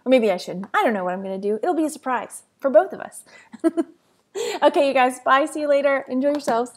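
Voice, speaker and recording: A woman's voice: high-pitched, fast talker. A woman from Texas chatting casually on a phone livestream, giggly and rambling as she talks to viewers. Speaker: reseller vlogger.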